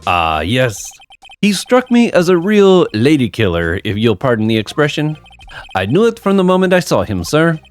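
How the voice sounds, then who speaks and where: A man's voice: on the high side, big pitch swings, moderate pace, faint music behind, voice pushed up. A man voicing a smug, fawning hotel bellboy in a strange put-on accent, calling everyone sir. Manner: odd put-on accent, overly formal "sir".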